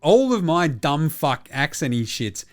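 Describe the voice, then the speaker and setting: A man's voice: on the high side, big pitch swings, a little slow, faint music behind. An Australian man hosting a solo sports talk show, bluntly rambling and swearing constantly as he reads out listener messages. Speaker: podcast host.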